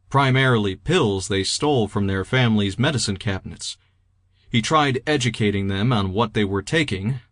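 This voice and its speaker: A man's voice: fairly low pitch, fairly bright tone, no room sound. Man narrating an audiobook in a dry studio. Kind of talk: scripted narration.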